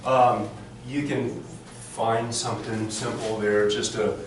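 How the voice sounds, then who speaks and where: A man's voice: lowish voice, flat delivery, slow pace. A man coaching a chorus rehearsal, often singing phrases to show how they should go. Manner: sings phrases to demonstrate, many restarts. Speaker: vocal coach. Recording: echoey room, mic far off, background noise.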